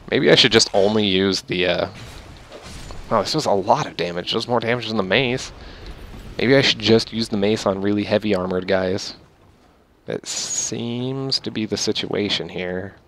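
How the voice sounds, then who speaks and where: Young man, fairly low voice, some vocal fry, casual game commentary, rambling, swears at enemies. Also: fairly bright tone, slight background noise. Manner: rambling, swears at enemies, mock-angry outbursts. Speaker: gamer.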